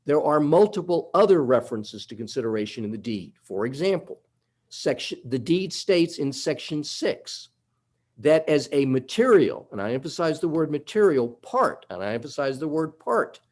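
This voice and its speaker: Male lawyer making a methodical, emphatic courtroom argument; voice sits a little high. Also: sing-song, moderate pace, a little mellow. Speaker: attorney.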